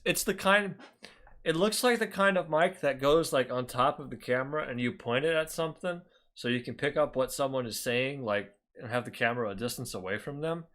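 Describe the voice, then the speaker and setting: A man's voice: mid-range voice, a bit bright. A man casually reacting to a clip, sarcastic and chatty, often laughing and swearing. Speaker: commentary video host.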